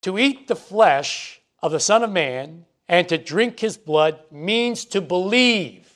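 A man's voice: high voice, animated, fairly bright tone. Emphatic man teaching scripture. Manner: measured, emphatic on quoted scripture. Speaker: bible teacher. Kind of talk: expository bible teaching.

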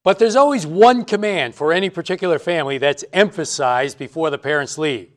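A man's voice: on the high side, a little fast. A man preaching an expository Bible sermon, stressing and repeating his key points. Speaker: pastor.

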